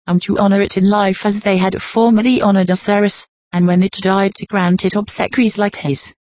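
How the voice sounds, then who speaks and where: A woman reading an old nonfiction text aloud in a measured, formal narration. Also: medium pitch, a little mellow, no echo. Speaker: audiobook reader.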